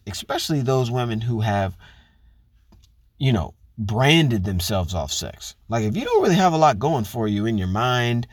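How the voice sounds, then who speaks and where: Blunt, lecturing man with lively pitch. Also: no room sound, studio quality. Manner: talks straight to women listeners, rhetorical questions. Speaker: commentator on relationships. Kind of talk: casual monologue.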